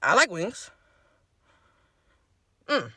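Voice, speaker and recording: A woman's voice: medium pitch, sing-song, extremely slow, sharp tone, husky, dry recording, clean studio sound. A woman telling a casual, exasperated storytime about a date.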